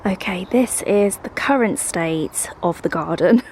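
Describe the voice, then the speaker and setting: A woman's voice: lowish voice, measured pace, darkish tone, far from the mic, slight background noise, low-quality recording. Bubbly English woman vlogging. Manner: chatty, bubbly, thinking aloud while tasting food. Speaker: lifestyle vlogger. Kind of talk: casual vlog chat. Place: home kitchen, then outdoor garden.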